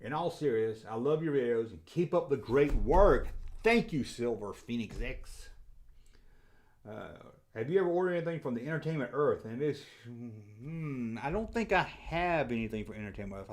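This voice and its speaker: A middle-aged man with a Southern accent chatting casually on a livestream, reading viewer comments in a rambling, jokey way and getting loudly excited. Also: medium pitch, normal speed. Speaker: toy collector channel host.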